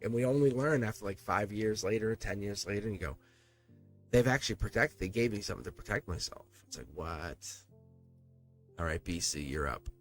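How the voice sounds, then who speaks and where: A man with a lowish voice speaks fairly quickly while reading tarot on a live stream, with soft music behind him. He encourages his viewers earnestly, repeating words, restarting sentences, and swearing now and then.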